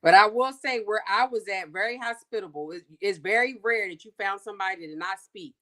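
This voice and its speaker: Chatty woman co-host, folksy storyteller, middle-pitched voice. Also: brisk, bright, forceful tone. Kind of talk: casual chat.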